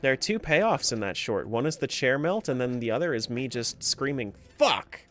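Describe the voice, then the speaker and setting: Animated man streaming a game. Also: medium pitch, fairly quick. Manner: talks to himself and to chat as he plays, laughs often. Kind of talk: casual live-stream chat while playing.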